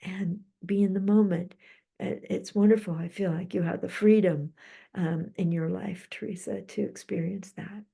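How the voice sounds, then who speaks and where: Woman doing a live psychic channeling stream, slips into soft whispers, dark mellow tone. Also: lowish voice, fairly even intonation, creaky, husky. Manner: slow, soothing, drifting into soft whispers.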